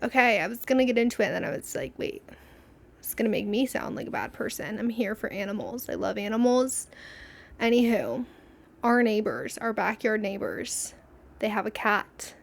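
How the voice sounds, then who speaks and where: A young woman hosts a podcast, chatting and rambling casually through stories, laughing often and acting out what people said. Her voice is on the high side and creaky, with lively intonation and a moderate pace.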